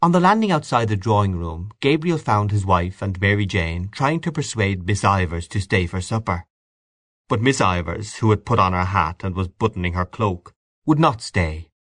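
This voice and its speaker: A man reading a literary story aloud in a measured, expressive way. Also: lowish voice, no echo, studio quality. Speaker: audiobook narrator. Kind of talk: scripted literary narration.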